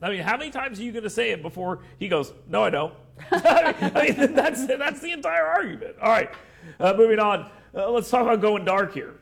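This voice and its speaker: A man hosting a political talk show, chatting casually, animated and joking, with frequent restarts. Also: extremely high pitch, fairly quick, vocal fry, breathy edge.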